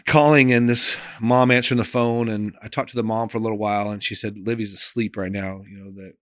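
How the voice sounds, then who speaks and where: Earnest, low-voiced male pastor storyteller. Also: steady tone, brisk, no echo, studio quality. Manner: earnest and emotional, voice often drops soft and quiet; loose conversational phrasing with many "like" and "you know" fillers. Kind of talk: personal storytelling in a podcast interview.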